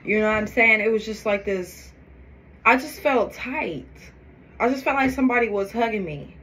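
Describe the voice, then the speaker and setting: A woman vlogging to her phone camera, talking in a forceful, preachy, emphatic way about faith. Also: on the high side, moderate pace, slight background noise. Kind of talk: faith-filled get-ready-with-me vlog.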